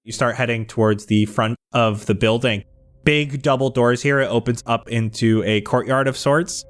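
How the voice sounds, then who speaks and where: A man as game master narrating scenes and reading out show promotions in a brisk, upbeat way. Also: mid-range voice, fairly even intonation. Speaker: game master and podcast host. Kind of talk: game narration and sponsor read-out.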